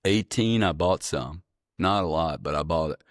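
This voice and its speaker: A man guest on an interview podcast, telling stories in a blunt, profane, animated way. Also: low voice, moderate pace, dry recording, studio quality. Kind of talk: casual storytelling interview.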